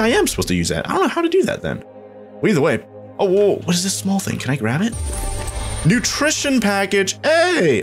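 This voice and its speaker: A young man casually commenting as he plays a video game, chatty and excitable, jumping high in pitch when startled. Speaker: gaming channel host. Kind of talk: casual let's play commentary.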